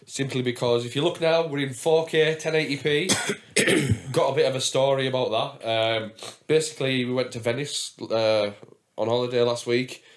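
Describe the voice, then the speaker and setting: A man hosting a casual podcast, chatty and self-mocking, swearing freely as he tells stories. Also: mid-range voice. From England. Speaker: podcast host.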